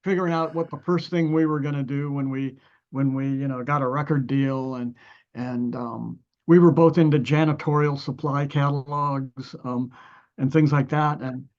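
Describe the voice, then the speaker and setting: An older musician from Ohio, USA, tells long, rambling stories as a guest, restarting often, using many fillers, and acting out other people's lines as he goes. His mid-range voice is a little mellow, with fairly even intonation and a moderate pace, heard through lo-fi sound.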